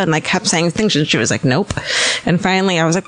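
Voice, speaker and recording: A woman's voice: low-pitched, quick pace, fairly bright tone. A woman co-hosting a podcast in casual chat, self-deprecating and profane, telling stories with animation. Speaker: podcast co-host.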